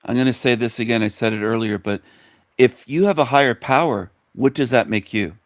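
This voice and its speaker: A man's voice: mid-range voice, a little fast, no room sound, clean studio sound. A male radio host delivering a scornful, mocking monologue to his listeners. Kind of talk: ranting monologue commentary.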